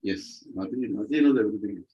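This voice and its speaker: Telling devotional stories with animated energy, a man speaks in a lowish voice at a quick pace and puts questions to his audience. The recording sounds slightly muffled.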